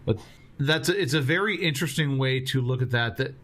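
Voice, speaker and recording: Animated man in a casual movie chat. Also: medium pitch, a little fast. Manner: thoughtful, animated, laughs along. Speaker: podcast co-host.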